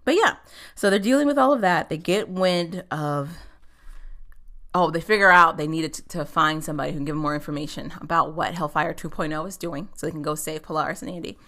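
A woman casually recapping a TV episode in a chatty, animated way, swearing and laughing often. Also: low voice, a little fast. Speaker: show recapper.

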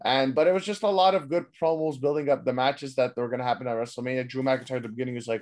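A man's voice: medium pitch, steady tone, very fast, hardly any pauses, darkish tone. Male podcast host, loose rambling recap, swears freely. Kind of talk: casual recap chat.

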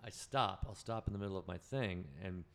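A man's voice: low voice, brisk, gravelly, fairly bright tone. A man telling stories as a podcast guest in casual chat, rambling, profane and correcting himself as he goes.

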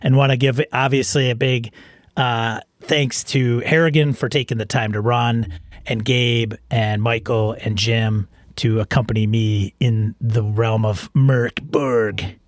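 Guy hosting a podcast, rambly and easygoing, mid pitch, dry close sound. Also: measured pace, no echo. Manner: rambling, relaxed, restarts often. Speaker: podcast host. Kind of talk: casual chat.

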